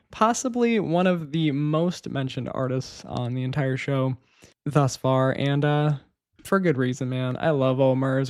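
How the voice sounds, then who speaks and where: A man's voice: on the high side, darkish tone, clear, resonant tone, no room sound. Chatty young man, dry close sound. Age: young adult. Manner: enthusiastic, rambling, laughs often, uses "like" and "man". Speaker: podcast host. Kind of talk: casual solo music review podcast.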